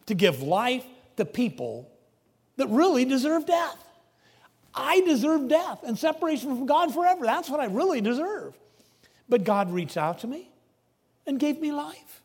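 A man preaching a sermon, emphatic, swinging between loud declarations and hushed asides. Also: extremely high pitch, big pitch swings, a little slow, husky. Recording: long reverb of a large hall.

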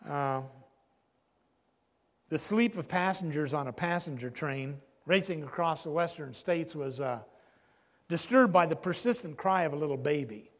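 A man preaching a sermon, earnest, pausing often and dropping low on key phrases. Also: in a large hall.

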